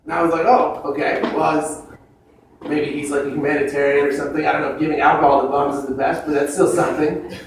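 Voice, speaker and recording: A young man with a fairly high voice works an open-mic stand-up set, spinning wry, self-deprecating stories. He sounds a little far from the mic. The room around him is very echoey, with faint noise underneath. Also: flat delivery, fast, creaky.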